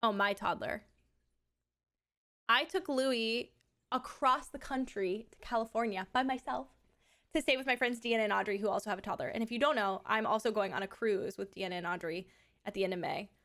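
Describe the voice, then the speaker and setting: A woman's voice: mid-range voice, fairly quick, fairly bright tone. A woman live streamer in a casual, rambling chat who swears freely.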